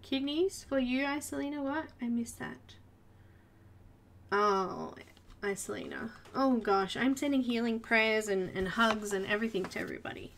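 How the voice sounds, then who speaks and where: A woman's voice: fairly high pitch, normal speed, fairly bright tone. Chatty Australian woman hosting a live class. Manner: chatty, talks to viewers in chat, murmurs to herself while working. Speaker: live art tutorial host. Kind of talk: casual live-stream chat while coloring.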